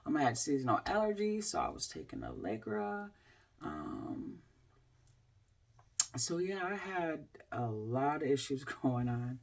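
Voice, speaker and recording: A woman in her forties, a health coach, telling a candid personal story to camera in a halting way, with many fillers and restarts. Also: very deep voice, sing-song. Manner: candid, speaks in plain everyday terms.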